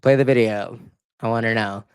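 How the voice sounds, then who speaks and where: A man hosting his channel, reacting to his own past videos in casual commentary, excitable and emotional, often stumbling over and repeating words. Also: lowish voice, moderate pace, smooth, dry recording. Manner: emotional, near tears. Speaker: YouTube political commentator.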